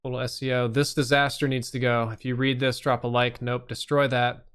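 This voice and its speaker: A man's voice: mid-range voice, level tone, brisk, fairly bright tone, a little hiss or hum. A man hosting a live stream, reviewing channels with blunt, casual and sometimes profane critique.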